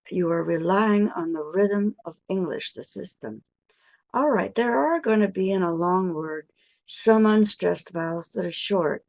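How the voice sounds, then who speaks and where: An older woman teaching pronunciation in a webinar lecture, speaking deliberately and stretching key words for emphasis. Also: lowish voice, creaky, darkish tone. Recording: dull lo-fi webinar audio.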